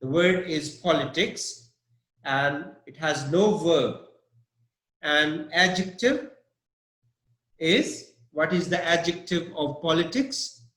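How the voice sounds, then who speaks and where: Slow, patient man teaching vocabulary. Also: fairly high pitch, fairly bright tone, roomy sound. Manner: slow, patient, spells words out letter by letter. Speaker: English teacher. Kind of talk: online vocabulary lesson.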